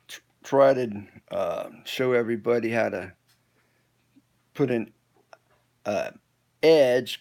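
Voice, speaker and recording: A man talks slowly with a gravelly edge, chatting into his phone on a live stream from an indoor room. He rambles and stops to restart his sentences often. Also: medium pitch, darkish tone. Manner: halting, rambling, many restarts. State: hiccups. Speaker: home improvement vlogger. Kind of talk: casual live stream chat.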